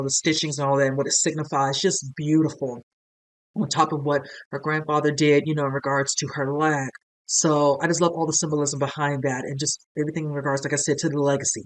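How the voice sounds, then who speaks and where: A man's voice: fairly high pitch, a bit bright. A man talking earnestly through a casual reaction commentary on a TV episode, emotional and full of filler phrases. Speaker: reaction video host.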